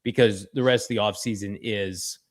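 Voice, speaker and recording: Animated joking male sports co-host. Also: moderate pace. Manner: animated, joking, lively pitch swings. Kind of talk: casual sports talk.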